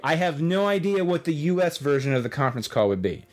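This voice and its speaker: A man's voice: on the high side, fast. A man hosting a podcast, telling a rambling story in casual chat. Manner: rambling, animated storyteller who acts out quotes. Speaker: podcast host.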